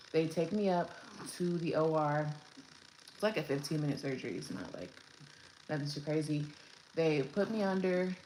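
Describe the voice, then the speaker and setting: Low-voiced young woman telling a storytime. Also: darkish tone. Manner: chatty, rambling with many fillers and restarts. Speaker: new mother telling her birth story. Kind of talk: casual storytime vlog. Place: room at home with her baby. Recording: echoey room, faint background noise.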